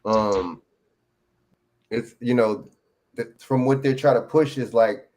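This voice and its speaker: A man's voice: medium pitch, slow pace, a little mellow. A man joining a live stream as a guest, explaining at length and often checking that he's understood. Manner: rambling, frequent you know what I'm saying. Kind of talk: casual conversation.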